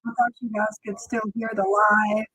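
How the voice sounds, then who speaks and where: A woman's voice: medium pitch, level tone, normal speed, a bit bright, husky. A woman hosting a casual livestream, talking through her computer mic, flustered and apologetic. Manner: flustered, apologetic about tech trouble. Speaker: livestream host.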